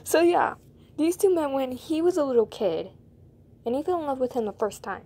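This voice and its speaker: A woman's voice: high-pitched, big pitch swings, fairly quick, dark tone, slightly rough. A woman chatting informally between scenes as she reads out a comic. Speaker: comic dub reader. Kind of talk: casual narration.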